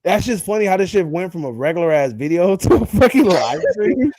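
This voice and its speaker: A man co-hosts a casual live stream and keeps the talk loose and joking, cursing as he goes. His voice sits a little high and moves around a lot. The sound is close and dry. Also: very animated, brisk, mellow, no echo.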